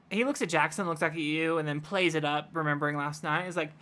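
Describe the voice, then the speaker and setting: A young woman narrating as game master in a casual tabletop game, with halting, laughing delivery. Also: sits low, fairly bright tone.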